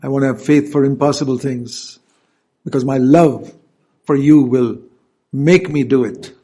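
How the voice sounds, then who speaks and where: A man's voice: medium pitch, a little slow, warm tone, husky. A male preacher giving an earnest sermon, stopping to explain scripture verses.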